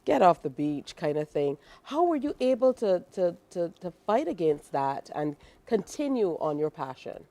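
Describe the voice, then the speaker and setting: A woman's voice: lowish voice, big pitch swings, normal speed, few pauses, warm tone, no room sound. A woman hosting a morning TV show, asking probing questions in a conversational way. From Barbados. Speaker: TV host. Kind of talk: morning TV interview. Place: TV studio.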